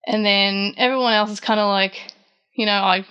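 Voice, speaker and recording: The recording has a lo-fi sound as an Australian podcast host recaps a manga chapter. Her medium-pitched voice is steady, at a normal speed, with a sharp, clean tone. She retells scenes chattily, lifting her voice for quoted lines, with frequent fillers and restarts.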